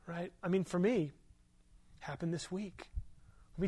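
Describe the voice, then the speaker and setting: Earnest high-voiced male pastor preaching. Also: moderate pace, long pauses, fairly bright tone. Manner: conversational, earnest storytelling with rhetorical questions. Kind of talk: sermon.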